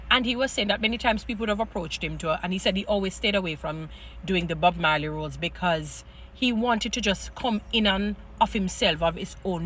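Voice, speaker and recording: A woman with a Jamaican accent talks straight to her viewers in a loose, casual monologue. She is emphatic and meandering, stacking up words of praise and circling back on her points. Her pitch sits in the middle. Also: a bit bright, a little hiss or hum. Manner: rambling, emphatic, heaps praise, restarts and fillers. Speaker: vlogger.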